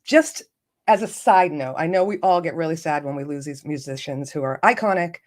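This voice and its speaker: A woman's voice: sits low, moderate pace. A woman hosting a casual live stream, chatty and self-joking, laughing often and greeting viewers by name. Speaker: livestream host.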